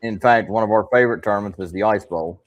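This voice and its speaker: A man hosting a podcast, telling fishing stories in a calm, dry way with some laughs. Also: on the low side, fast talker. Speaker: podcast host. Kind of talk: casual podcast chat.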